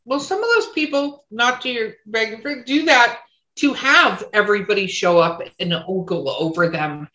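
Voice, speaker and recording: A woman host with a bright, slightly high voice chats easily and asks her guest questions. Her voice bounces around an echoey room. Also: moderate pace. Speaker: podcast host. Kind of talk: casual interview chat.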